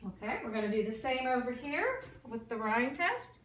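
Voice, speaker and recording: A woman's voice: fairly high pitch, big pitch swings, normal speed, fairly bright tone, slight background noise. A woman giving a clinical exam and talking a patient through each step, sometimes tripping over medical terms. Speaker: nursing student performing an exam. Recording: echoey room, mic far off.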